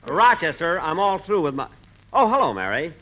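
A man's voice: fairly high pitch, sing-song, moderate pace, noisy background. A man hosting a 1940s radio comedy, exasperated and fussy. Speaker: comedian host.

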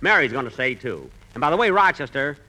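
Vain, fussy radio-comedy man; wildly swinging, bright voice. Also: medium pitch, very animated, fast. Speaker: comedian host.

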